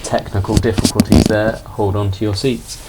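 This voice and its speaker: A man casually chatting through a haul of toy finds in a relaxed, rambling way. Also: on the low side, normal speed, vocal fry, very noisy. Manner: relaxed, rambling, self-deprecating. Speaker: toy collector vlogger. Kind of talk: casual haul video chat.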